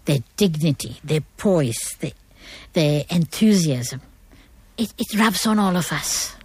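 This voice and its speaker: A woman's voice: low voice, lively intonation, slow pace, darkish tone, husky, dry recording. Middle-aged woman, guest speaker, earnest lecturing tone, very dry voice. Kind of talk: motivational talk on manners.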